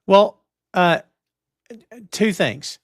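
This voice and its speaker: A man with a fairly high voice, co-hosting a casual podcast chat. He talks in an opinionated, emphatic, old-school way, and the recording is dry and close. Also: lively intonation, very slow, no echo. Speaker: podcast co-host.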